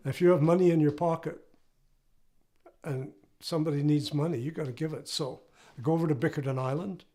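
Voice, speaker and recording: A man's voice: on the high side, steady tone, brisk, warm tone. An older man, a retired professor, telling a personal story in a casual, anecdotal way during an interview. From Canada. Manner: casual, anecdotal, often asks "right?".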